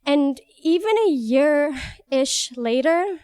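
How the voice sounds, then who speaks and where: A young woman from Iran, telling a personal story on stage in an animated, wry way. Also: sits high, takes it slowly, no room sound, studio quality. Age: young adult. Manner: animated, wry, laughs between lines.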